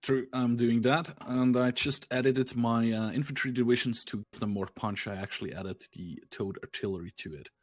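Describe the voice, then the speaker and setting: A man's voice: mid-range voice, normal speed, hardly any pauses. A man co-hosting a let's play, chatting and joking casually as he plays, laughing often. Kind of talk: casual gameplay commentary.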